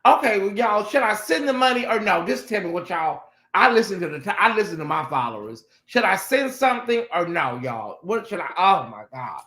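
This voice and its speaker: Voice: mid-range voice, sing-song, a little fast, few pauses, sharp tone, reverberant. A livestream host doing sassy, dramatic chat commentary and talking straight to the viewers.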